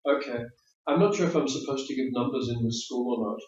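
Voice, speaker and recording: Recorded in a roomy classroom with distant, dull sound, this male IELTS examiner talks fast in a mid-range, darkish voice. He gives explanatory post-mock-test speaking feedback in a friendly, chatty manner and repeats words.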